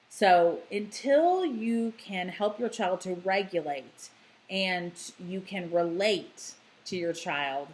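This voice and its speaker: Calm, lowish-voiced woman explaining gently. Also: rough recording. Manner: calm and explanatory, with frequent "you know" and "um" fillers; softens into a gentle, hushed voice when modelling words to a child. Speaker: child therapist giving parenting advice. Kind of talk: unscripted explanatory talk.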